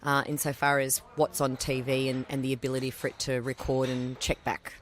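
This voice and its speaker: A woman's voice: very deep voice, little pitch movement, slight background noise. A woman co-hosting a radio tech show, teasing her co-host and cutting in during casual banter. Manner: teasing, quick to interrupt. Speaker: radio station owner and guest co-host.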